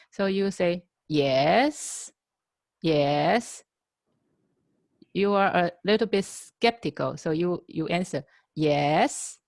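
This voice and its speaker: A woman whose first language is Chinese teaches in English over a video call, speaking slowly with frequent fillers and restarts. Her voice is lowish and the sound is close and dry. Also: dry recording. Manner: hesitant, many fillers and restarts, explains with everyday examples. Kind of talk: casual classroom explanation.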